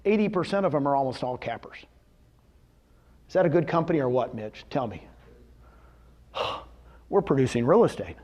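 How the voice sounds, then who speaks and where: A man speaking to a live audience at a real estate seminar, telling success stories animatedly and firing rhetorical questions at the crowd. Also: high-pitched. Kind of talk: motivational talk to an audience.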